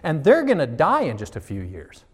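A man preaching a church sermon in a slightly high voice. He is animated, swings into the voices and prayers he quotes, and sounds like a pastor speaking to his congregation. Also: moderate pace, slightly rough.

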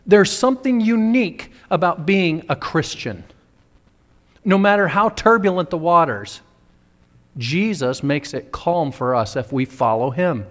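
A man's voice: on the high side, expressive, measured pace. A man preaching a sermon as a pastor, fervent and dramatic, acting out the voices he quotes. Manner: fervent, acts out quoted voices with big swings. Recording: long reverb of a large hall.

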